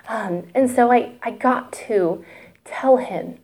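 A woman in her 30s, her voice a bit high, darkish and slightly rough, talks slowly through her personal testimony at church. She's frank and chatty, gets emotional, and uses fillers and asides.

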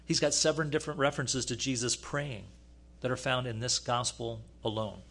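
A man preaching a teaching sermon, pausing often with fillers and restarts. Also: medium pitch, fairly bright tone. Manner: halting, many fillers and restarts. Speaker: pastor.

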